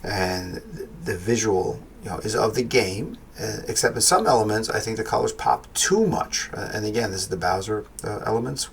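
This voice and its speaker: A man's voice: on the low side, gravelly, a bit bright, slight background noise. A man giving a casual spoken film review, rambling and correcting himself as he thinks aloud.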